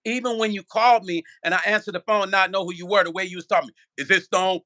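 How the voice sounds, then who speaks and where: A man on his own channel, ranting with a high-pitched voice. His tone is bright and edgy, full of curses and repeated questions. He talks straight to the viewers about someone who wronged him. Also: fast talker. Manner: profane, repetitive, rhetorical. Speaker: vlogger; musician. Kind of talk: heated casual rant.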